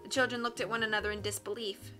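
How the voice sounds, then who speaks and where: A woman reading a children's novel aloud as an audiobook, in a steady, clear manner. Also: mid-range voice, fast, faint music behind. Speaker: audiobook reader. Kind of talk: audiobook narration.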